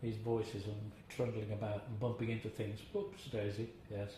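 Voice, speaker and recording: A man's voice: lowish voice, level tone, moderate pace, mellow. An older man being interviewed, telling chatty anecdotes about his acting days, chuckling and now and then imitating voices. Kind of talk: anecdotal reminiscing. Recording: very echoey room, faint hiss.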